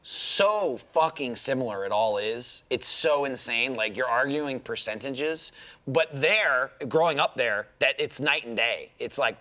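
A man from New Jersey, a podcast host chatting casually and playfully, with swearing and lively jokes. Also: mid-range voice, a little slow. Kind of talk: casual chat.

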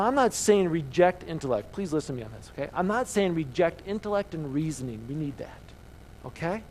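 A male pastor delivers a sermon to a congregation. His voice sits a little high, and he presses each point with emphatic, repeated rhetorical questions. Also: a little hiss or hum, poor audio. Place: church service with congregation.

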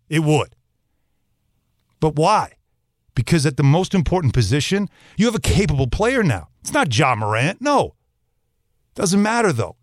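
Animated man in a sports talk rant. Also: sits high, no room sound, studio quality. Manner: emphatic, animated, talks straight to listeners. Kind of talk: opinionated sports commentary monologue.

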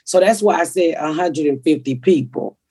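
Husky, blunt woman host. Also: deep voice, normal speed, dark tone. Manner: blunt, profane, rambling. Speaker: comedian podcast host. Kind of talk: casual podcast chat.

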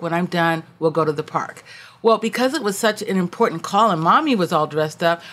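A woman hosting a casual conversation, animatedly telling stories and acting out the people in them. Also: fairly low pitch. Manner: animated storyteller, acts out quotes.

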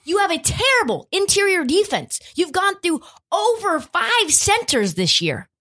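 A woman hosts a sports talk podcast in a high, lively voice that swings widely in pitch. She rants with blunt profanity and fires off rhetorical questions. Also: a little slow. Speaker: podcast host.

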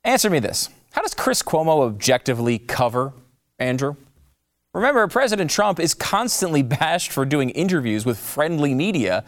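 Male commentator, slightly high voice, very lively swings, mocking delivery. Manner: mocking, sarcastic. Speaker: political commentator. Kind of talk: sarcastic commentary.

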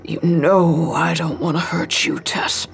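A woman reading an audiobook, voicing an unstable, tormented male attacker who stammers breathlessly and lurches between hushed menace and raw shouting. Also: on the low side, takes it slowly, soft background music. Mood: pleading, tender. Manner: breathless and stuttering, swinging to shouts.

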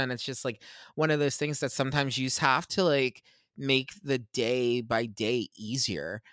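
A man's voice: mid-range voice, fairly bright tone, no echo, clean studio sound. A man joins a podcast as a guest and chats casually about a film, often restarting his sentences. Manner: hesitant restarts, chatty.

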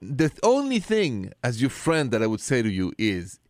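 A man's voice: medium pitch, huge pitch swings, normal speed, a little mellow, no room sound. A middle-aged man from France with a thick French accent, hosting a radio call-in advice show in a chatty, friendly way. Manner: friendly, chatty, self-deprecating about his accent.

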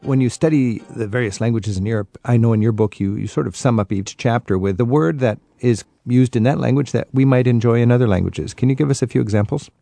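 A man's voice: mid-range voice, quick pace, gravelly, few pauses, warm tone, no room sound. A man hosting a radio talk show, chatty and enthusiastic as he interviews a guest and riffs with vivid anecdotes.

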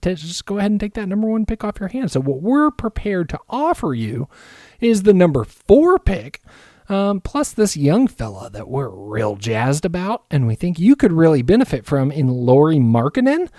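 A folksy, chipper executive, as a host puts him on, pitched a bit higher than normal and bouncing all over in tone. He makes his pitch with a polite salesman's cheer. The sound is dry and close. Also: warm tone, dry recording. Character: chipper folksy middle-aged male team executive. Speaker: mock team executive on a trade call.

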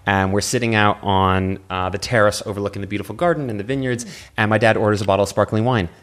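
A middle-aged man from California, a guest in a relaxed conversation who talks quickly and tells his stories with eager enthusiasm. His voice sits fairly low. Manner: enthusiastic storyteller. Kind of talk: casual conversation.

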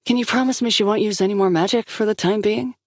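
A woman's voice: medium pitch, fast, dry recording, clean studio sound, voice pushed up, natural voice. Stern commander lady, clipped and firm , a woman reading her.

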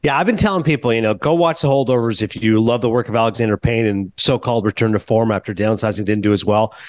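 A man's voice: lowish voice, quick pace, dry recording. A man hosting an interview podcast, asking questions and eagerly praising the film. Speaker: podcast host.

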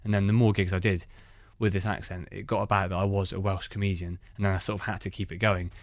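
A man, a stand-up comedian, telling anecdotes in an animated way. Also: low-pitched, fast, no echo, studio quality. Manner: animated storytelling. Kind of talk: conversational anecdotes.

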